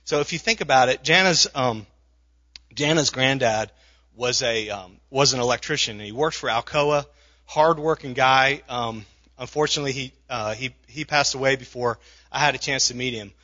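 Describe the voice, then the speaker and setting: A man's voice: mid-range voice, moderate pace, sharp tone, lo-fi sound. A man preaching a sermon in a conversational way, with frequent restarts and asides. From not from the South. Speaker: pastor.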